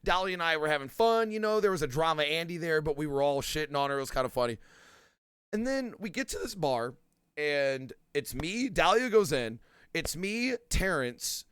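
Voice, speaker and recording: Young male host, clear smooth voice, lively swinging delivery, chatty anecdotes. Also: fairly high pitch, no echo, clean studio sound. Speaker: podcast host. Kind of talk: casual chat.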